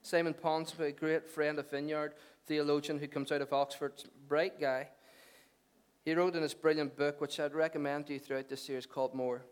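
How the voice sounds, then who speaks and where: A middle-aged pastor preaches in a conversational way, mixing jokes with earnest, emphatic points. His voice sits a little high for a man. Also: little pitch movement, fairly quick, clear, resonant tone. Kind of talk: sermon.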